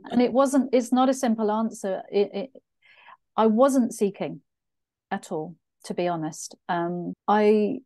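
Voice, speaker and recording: A woman's voice: mid-range voice, a little mellow, no echo. A middle-aged woman, telling her story in an earnest, reflective way in an interview. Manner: earnest, reflective, acts out her own past thoughts. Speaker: author and interview guest.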